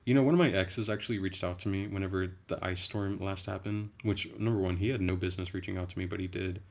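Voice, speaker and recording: A man's voice: low-pitched, steady tone, fast, creaky. A man chatting casually on a livestream, rambling and profane, with frequent restarts.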